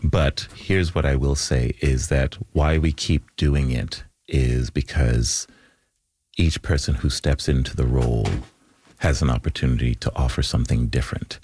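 A man's voice: very deep voice, steady tone, moderate pace, a little mellow, slightly rough. A man, an actor, talking thoughtfully in a radio studio interview, often restarting and reciting lines with feeling. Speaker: actor, guest.

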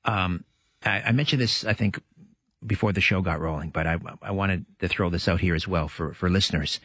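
A man's voice: low voice, brisk, a bit bright, breathy edge, no room sound. A man guest-hosting a late-night radio talk show, chatty, often correcting himself mid-sentence. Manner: chatty, restarts and self-corrections. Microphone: studio microphone.

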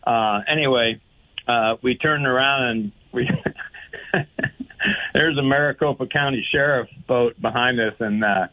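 A man's voice: mid-range voice, unhurried, pauses often. A man calling into a radio show, telling a jokey story with many hesitations. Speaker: caller. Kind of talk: call-in anecdote. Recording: tinny phone line.

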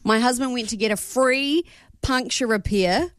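A woman's voice: on the high side, moderate pace, a bit bright, no echo. A woman co-hosting a radio show, chatty and self-mocking. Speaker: radio co-host. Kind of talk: casual radio banter.

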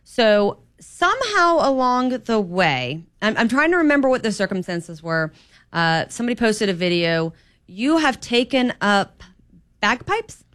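A woman's voice: fairly high pitch, big pitch swings, unhurried, a bit bright. A woman filling in as a radio host, chatty and hesitant, with many fillers. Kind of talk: casual radio interview.

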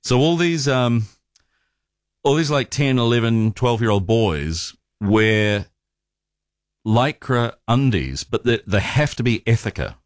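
A man's voice: medium pitch, lively intonation, slow pace, no echo, clean studio sound. A man hosting a talk radio show, chatting casually and often stumbling over and repeating his words.

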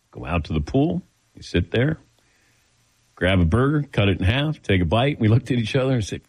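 A man's voice: on the low side, fairly quick. An older man hosting a sports talk show, telling stories casually and acting out the dialogue. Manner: animated, acts out quoted dialogue. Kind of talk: casual on-air storytelling.

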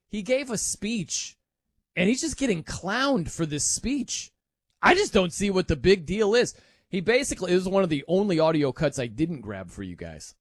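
A man hosting a sports talk radio show, chatty and animated, laughing often. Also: a little high, dry recording.

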